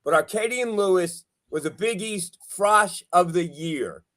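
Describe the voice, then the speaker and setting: A high-voiced man hosts a casual sports chat over a video call. He teases his co-hosts and jokes about himself in a chatty, loose way. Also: lively intonation, unhurried, a bit bright. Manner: teasing, chatty, self-deprecating. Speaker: show host.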